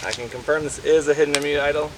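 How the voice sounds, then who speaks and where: A man hosting a game show, reading out votes with a measured, formal announcer delivery. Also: fairly high pitch, fairly even intonation, background noise. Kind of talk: announcing votes at a tribal council. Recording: distant mic with music underneath.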